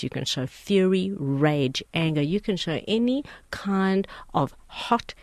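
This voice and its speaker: A woman's voice: fairly low pitch, animated, slow pace, few pauses, darkish tone, no room sound. A woman hosting an advice talk, speaking earnestly and emphatically, repeating phrases for effect. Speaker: host giving life advice and readings.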